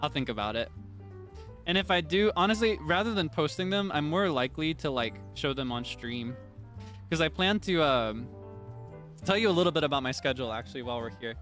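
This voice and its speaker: A man's voice: fairly high pitch, lively intonation, fairly quick, a bit bright, soft background music. A young man streaming, chatting casually and rambling with many fillers and restarts. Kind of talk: casual chat.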